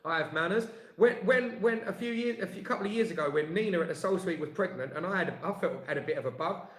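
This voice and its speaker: A man's voice: high voice, quick pace, a bit bright. A man telling an indignant story in casual chat, with lots of restarts. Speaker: co-host. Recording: echoey room.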